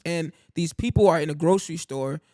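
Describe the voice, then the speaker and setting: A man's voice: fairly high pitch, fairly quick, no room sound, studio quality. A man co-hosting a podcast, telling stories in casual chat with lots of fillers. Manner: animated storyteller, heavy fillers. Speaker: podcast co-host.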